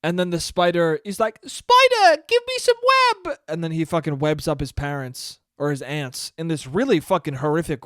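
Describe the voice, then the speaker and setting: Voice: medium pitch, smooth, no echo. A podcast host in a casual comedic monologue, rambling, swearing freely and laughing at their own jokes on a close mic.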